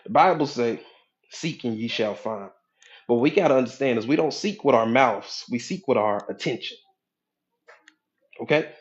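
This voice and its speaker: A man's voice: mid-range voice, moderate pace, highs cut off. A man as a hypnotherapist and life coach giving a motivational talk, preachy and conversational, often checking in with his listeners.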